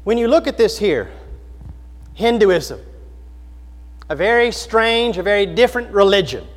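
A male preacher delivering a sermon with a high-pitched voice. He speaks earnestly, asks the congregation questions and repeats phrases for emphasis. His voice carries with a long reverb in a large hall. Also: animated, measured pace. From United States.

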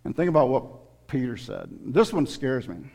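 A man's voice: mid-range voice, big pitch swings, normal speed, creaky, a little mellow. Earnest male preacher in a reverberant hall. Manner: earnest, emotional, direct appeals to the congregation. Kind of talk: sermon. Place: church sanctuary.

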